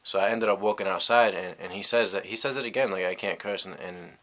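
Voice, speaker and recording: A man's voice: low voice, quick pace, bright, forceful tone. A young man from the United States tells a personal story in a rambling, reflective way, full of "you know" fillers. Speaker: vlogger. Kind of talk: casual storytelling monologue.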